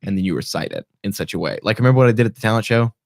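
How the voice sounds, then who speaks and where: A young man hosting a podcast in casual chat, rambling with restarts and sudden jumps in pitch. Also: animated, rapid-fire, gravelly, no echo, clean studio sound. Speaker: podcast host.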